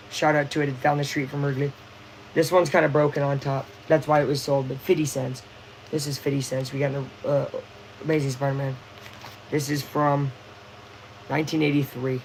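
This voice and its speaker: A young man hosting a casual live baseball watch-along, chatty and excitable, full of slang. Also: fairly high pitch, slight background noise, poor audio. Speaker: livestream host.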